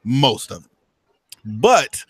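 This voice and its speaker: A man's voice: mid-range voice, wildly swooping pitch, takes it slowly, slightly rough, no echo. A man hosting a live call-in show, chatting casually, swearing and laughing often. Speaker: livestream host taking callers. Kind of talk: casual profane chat.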